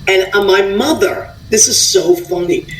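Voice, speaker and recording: A chatty woman radio host who gushes and rambles through shout-outs, her voice set at a middling pitch. She sits a little back from the mic, so her voice comes across distant. The room adds a roomy echo and a faint hum underneath. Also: very animated, unhurried. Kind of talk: casual radio chat. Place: at a friend's house.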